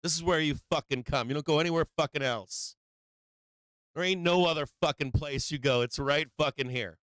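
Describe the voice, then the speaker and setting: On a live stream, this stock market show host, a man, gives loud, cursing, forceful market takes, then drops into quieter, low-key explaining. His delivery is slightly quick and smooth, with no echo.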